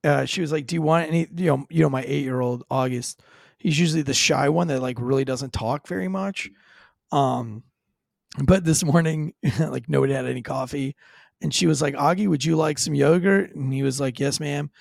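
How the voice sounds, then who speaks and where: Gravelly-voiced joking man. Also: mid-range voice, a little mellow, no room sound. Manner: crude, joking, quick and loose. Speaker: podcast co-host, former police officer. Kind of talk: casual true-crime podcast banter.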